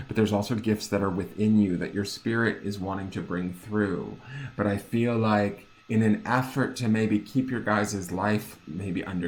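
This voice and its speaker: A man with a fairly low voice talks through a tarot reading in a loose, conversational way. He hunts for words, leans on fillers and keeps asking whether it makes sense. His delivery lilts upward at times. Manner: chatty and searching, full of fillers and checks for understanding; lilting, upspeak-prone delivery. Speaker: tarot reader. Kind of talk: casual spoken tarot reading.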